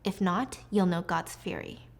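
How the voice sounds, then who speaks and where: A woman voicing a cold, defiant female schoolteacher, speaking in a calm, measured and cutting way. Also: fairly low pitch, vocal fry.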